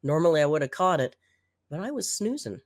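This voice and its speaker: A woman with a low voice and a slight hoarseness comments on a video she is reacting to. Her tone stays sarcastic and dry. The sound is close and dry, with no room around it. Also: sing-song, brisk, a little mellow, dry recording. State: slightly hoarse after being sick. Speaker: reaction channel host.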